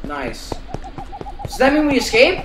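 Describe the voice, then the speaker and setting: A woman giving let's play commentary as a gamer, excitable and reacting aloud to every surprise. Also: high voice, measured pace, background noise. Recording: roomy, distant mic with game music.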